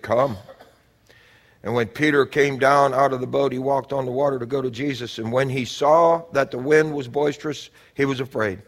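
A man preaching a sermon, building to shouted exhortations and stretching out repeated phrases. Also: mid-range voice.

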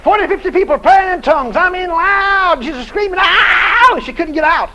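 A man preaching a sermon through a dramatic story, animated and bursting into shouts. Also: extremely high pitch, a little fast, very noisy.

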